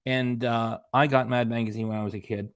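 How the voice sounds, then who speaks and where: A man's voice: medium pitch, level tone, brisk, clean tone, dry recording, studio quality. A man hosting a reaction channel, giving sarcastic, rambling casual commentary.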